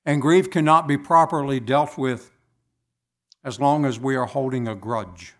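Here a preacher gives a sermon unhurriedly, his mid-pitched voice stretching out each phrase. He talks deliberately, leaving measured pauses in between.

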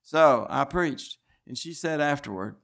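A man's voice: a little high, expressive, unhurried, vocal fry, fairly bright tone. Preacher guy telling a long story in a sermon, earnest and pushy, keeps restarting his sentences. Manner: rambling storytelling with frequent restarts; earnest, insistent.

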